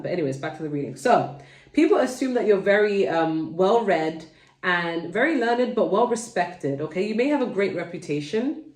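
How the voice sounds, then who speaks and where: A woman's voice: fairly low pitch, lively intonation, moderate pace, darkish tone, roomy sound, recorded from a distance. A woman with a London accent giving a casual tarot reading at home, chatty and digressive, speaking straight to her viewers. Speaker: tarot reader.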